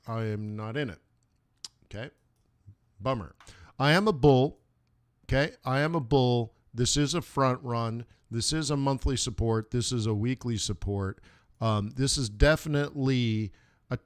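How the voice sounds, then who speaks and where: A man hosting a live forex trading stream, talking casually through his charts with jokes and lots of fillers. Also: medium pitch. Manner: rambling, joking, many fillers.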